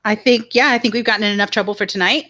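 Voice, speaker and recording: A woman co-hosting a casual live chat show, agreeable and apologetic, laughing softly. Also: mid-range voice, fairly even intonation, very fast. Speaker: livestream co-host.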